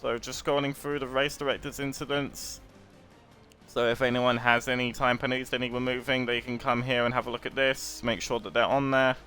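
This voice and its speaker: A man hosting a live racing broadcast, brisk and practical as he runs through penalties and results. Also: medium pitch, level tone, pushed and bright, soft background music. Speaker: race broadcast host. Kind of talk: live race commentary.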